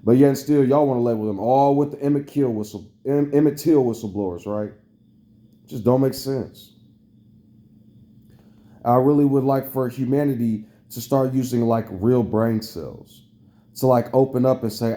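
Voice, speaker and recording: A man's voice: mid-range voice, moderate pace, dark tone. A young man, ranting to camera in a heated, profane, repetitive way. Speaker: vlogger. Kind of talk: angry rant to camera.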